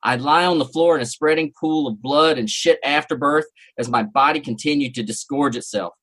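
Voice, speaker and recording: A podcast host reads a lurid story aloud, theatrical and mock-serious. His voice is husky and sits a little higher than most men's. He leans into each line with relish. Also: fairly quick, a bit bright. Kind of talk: dramatic first-person story reading.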